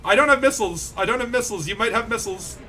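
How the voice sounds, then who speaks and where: High bright-voiced man gaming. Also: very fast, a little hiss or hum. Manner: animated, yells when excited. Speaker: game streamer. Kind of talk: excited gameplay commentary.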